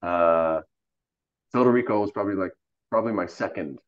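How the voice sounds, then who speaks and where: A man's voice: sits low, a little fast, highs cut off. A man, an actor guest in a casual interview, telling stories animatedly with many fillers and acting out quoted dialogue.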